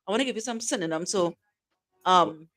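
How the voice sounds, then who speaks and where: A woman's voice: fairly low pitch, animated, a little fast, fairly bright tone. A woman co-hosting a talk show, giving casual advice and teasing her co-host, laughing often.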